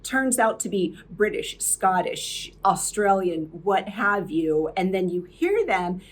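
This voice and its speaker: A woman's voice: medium pitch, sing-song, slow pace. A woman hosting a podcast, narrating from a script in a chatty way with fillers and restarts. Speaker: podcast host.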